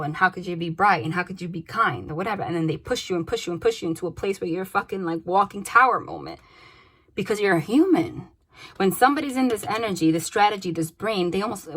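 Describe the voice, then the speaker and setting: A young woman giving a casual tarot reading to camera, talking freely with swearing and bursts of excited exclamations. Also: on the low side, slightly rough. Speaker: tarot reader.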